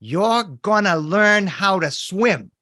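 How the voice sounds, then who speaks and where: A stern, insistent mother with a Boston accent, laying down the law in a storyteller's tale, as a man puts her on. Her voice sits fairly high and keeps a firm, repeating beat. It sounds dry and close. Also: animated, takes it slowly, sharp tone, no echo, full character voice.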